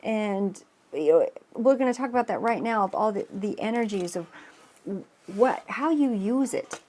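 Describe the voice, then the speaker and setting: A woman's voice: mid-range voice, expressive, normal speed, darkish tone, slight background noise. A woman tarot reader explaining astrology in a casual, rambling way, with many restarts and an earnest tone. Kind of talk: casual spoken astrology reading.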